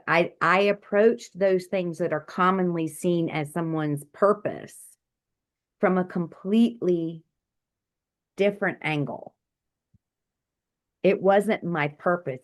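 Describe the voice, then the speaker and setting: A woman, a doctor and healer, telling her story in an interview over a video call, vivid and animated, acting out the quotes. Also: on the low side, slow pace.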